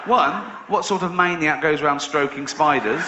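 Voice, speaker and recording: Man, English accent, forties, stand-up comedian, sarcastic, swearing, slightly high voice, muffled live recording. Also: normal speed, few pauses, echoey room, noisy background. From England. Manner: sarcastic, incredulous, swears freely. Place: large theatre stage before an audience.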